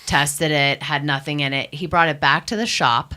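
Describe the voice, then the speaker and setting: A woman's voice: deep voice, normal speed, bright, forceful tone. A woman who runs a cannabis testing lab, speaking emphatically and with indignation as a guest on a radio talk show. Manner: emphatic, indignant, storytelling with quoted voices. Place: radio studio.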